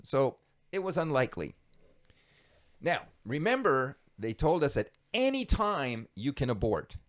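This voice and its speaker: A man telling a story from his past as a podcast guest, animated and quick to laugh. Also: mid-range voice. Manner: animated, lively storyteller who laughs easily. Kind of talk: conversational storytelling.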